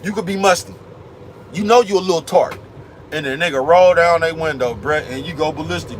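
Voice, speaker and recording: A man's voice: a little high, a little fast, slight background noise, low-quality recording. A man vlogging in a casual rant, full of street slang and the same catchphrase over and over. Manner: streetwise slang, repeats "you know what I'm talking about".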